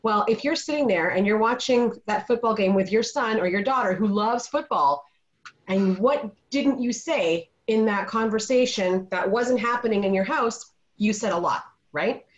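A woman's voice: medium pitch, normal speed. A middle-aged woman on a video call, telling a parenting story in an earnest, casual way. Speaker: panelist. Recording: dull lo-fi video call audio.

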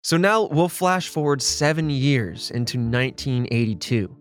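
Male podcast host, casual true-crime storyteller, mid-pitched, plays out quotes. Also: animated, normal speed, dry recording, clean studio sound. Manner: conversational storyteller, acts out quotes.

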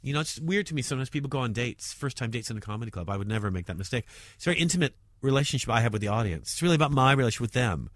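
A man, a stand-up comedian, talking provocatively in an interview, swinging between loud jabs and muttered asides. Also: medium pitch, animated, racing, dry recording.

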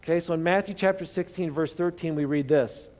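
A male pastor delivering a sermon, his voice sitting a little high for a man. He tells the story with lively, animated emphasis, then sinks into hushed asides. He keeps throwing rhetorical questions at the congregation. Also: fairly quick, big-room sound.

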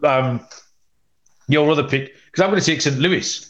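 A man's voice: on the high side, moderate pace, a bit bright. A man hosting a sports betting podcast, chatty and rambling with many ums, tossing in cheeky asides. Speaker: podcast host, betting analyst.

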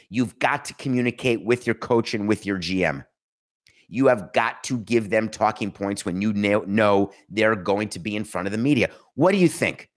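A man's voice: medium pitch, fairly bright tone. A man hosting his own podcast, talking emphatically in a solo monologue, full of sarcasm and rhetorical questions. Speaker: podcast host.

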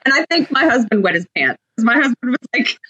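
A woman's voice: fairly high pitch, big pitch swings, fast talker, slightly rough, muffled recording. A woman guest in a casual interview chat, telling stories and laughing easily. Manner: warm storytelling, laughs easily. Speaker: guest, TV shopping host.

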